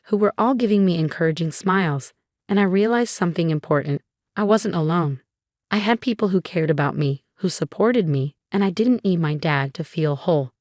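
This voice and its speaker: A young woman tells a dramatic first-person story with steady, scripted delivery. Her voice sits on the low side, and the recording is dry and close, with no room sound. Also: dry recording. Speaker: story narrator.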